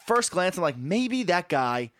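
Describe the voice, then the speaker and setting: A man's voice: sits high, very animated, unhurried, fairly bright tone, dry recording. A young man co-hosting a casual chat, reflective and easygoing, chiming in with short agreement. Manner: laid-back, reflective, chimes in with short agreement.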